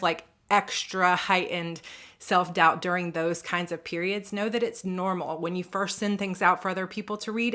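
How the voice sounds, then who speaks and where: A woman's voice: fairly low pitch, sharp tone. A woman writer in her thirties giving casual advice in a vlog, chatty, with lots of fillers and her own quoted thoughts acted out. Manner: chatty, lots of "like" and "you know", acts out her own past dialogue. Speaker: writer vlogger.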